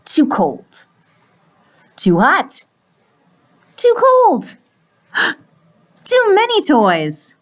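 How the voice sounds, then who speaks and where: A woman voicing a picky young male pigeon who whines about his bath in a high, squeaky voice. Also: huge pitch swings, drawn-out words, pauses often, full character voice.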